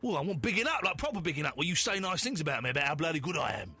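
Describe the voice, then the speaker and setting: Male radio host, put-on common London accent, brash and slangy, high lively voice, bright tone, faint music. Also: rapid-fire, slightly rough. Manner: brash, mock-aggressive, slangy. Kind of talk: comic radio phone-in banter. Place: radio studio. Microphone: studio microphone.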